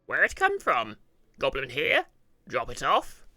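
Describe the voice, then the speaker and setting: A man voicing an anxious male goblin chief in a video game, speaking in loud, halting broken grammar. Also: medium pitch, huge pitch swings, dry recording, exaggerated voice. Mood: uneasy.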